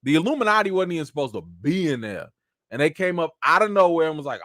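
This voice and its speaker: Male host, lively swooping delivery, dry close sound. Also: fairly high pitch, fast talker, no room sound. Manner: animated, talks straight to viewers, acts out quotes. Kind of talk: live chat commentary.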